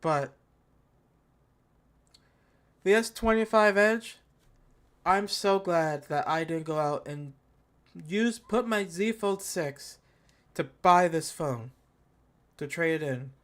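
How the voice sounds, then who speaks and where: Hosting a tech channel, this man riffs on a live product event in a slangy, joking rant, addressing his chat and heaping on exaggerated mockery. His voice runs on the high side and is fairly bright, animated yet slow.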